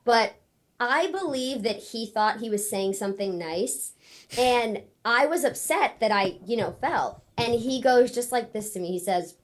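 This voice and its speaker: A woman in her thirties, a guest on a podcast, telling her story in casual, animated talk and acting out what people said. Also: a little high, measured pace. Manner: animated storyteller, acts out quotes. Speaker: podcast guest, former ninja competitor and wrestler.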